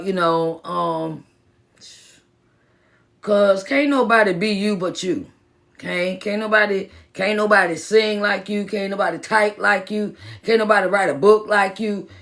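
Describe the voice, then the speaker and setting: A woman's voice: mid-range voice, gravelly, a bit bright. A woman who is a motivational speaker and minister, talking casually on a phone live stream, repeating herself for emphasis and greeting viewers by name. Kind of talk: live-stream pep talk.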